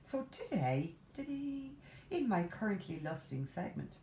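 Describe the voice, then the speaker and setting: An Irish woman vlogging about cross-stitch, ranting in an animated, exasperated way with playful asides. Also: low-pitched, a little slow, slight background noise. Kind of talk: casual chat to camera. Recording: echoey room.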